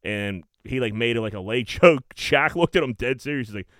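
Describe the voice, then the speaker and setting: Smooth-voiced guy telling stories, swearing. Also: mid-range voice, a little fast, no room sound, clean studio sound. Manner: animated storytelling, heavy swearing and "dude". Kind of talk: casual chat.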